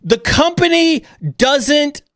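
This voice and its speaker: Speaking slowly in a very high, fairly bright voice, a man runs a livestream chat, blunt and full of energy, sometimes mocking others with exaggerated overreaction. It's a dry, clean studio recording.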